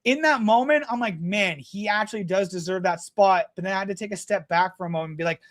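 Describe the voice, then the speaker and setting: A young man talks in a casual podcast chat, his voice sitting high for a man. He tells his stories bluntly and swears freely. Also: fast, a bit bright. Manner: blunt, profane storytelling. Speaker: guest.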